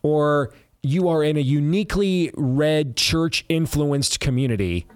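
A man hosting a talk radio show, giving forceful, sarcastic political commentary and interviewing a guest. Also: a little high, a little slow, smooth, no echo.

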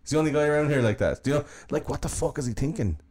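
A man's voice: on the high side, lively intonation, racing, a little mellow. A man hosting a podcast, telling a true-crime story in a casual, profane, joking way. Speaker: podcast host.

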